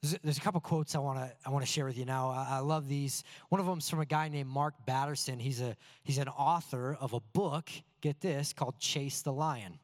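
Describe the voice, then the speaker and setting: A man preaching a sermon through personal stories, in an earnest, animated and self-deprecating way. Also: medium pitch, fairly quick, hardly any pauses.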